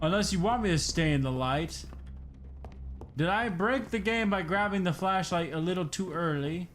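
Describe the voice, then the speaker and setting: A young man with a slightly high voice talks his way through a horror game, cracking jokes to himself and yelping when startled. He sounds tired at times. A faint ambience hums behind him. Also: moderate pace, fairly bright tone, a little hiss or hum. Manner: jokey, talks to himself, jumpy outbursts. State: tired, yawning. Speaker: gaming streamer. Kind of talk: horror game let's play commentary.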